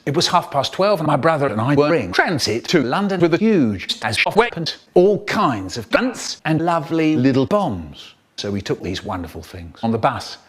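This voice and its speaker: A man narrating a comic story, lively and jumping into high silly voices for the quoted lines. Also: moderate pace, few pauses, breathy edge, soft background music.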